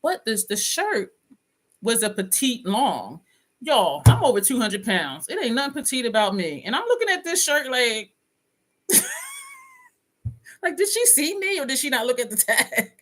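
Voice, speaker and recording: A woman's voice: high-pitched, big pitch swings, moderate pace, long pauses, fairly bright tone. A woman vlogger chatting casually, reading comments and laughing often. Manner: chatty, laughs often, drops into quoted voices. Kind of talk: casual chat with live comments.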